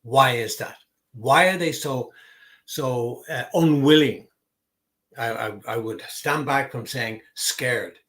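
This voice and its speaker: A man's voice: mid-range voice, fairly bright tone. Emphatic man explaining refereeing. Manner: emphatic, explanatory, repeats key words for stress. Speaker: football refereeing commentator. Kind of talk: solo opinion talk to camera.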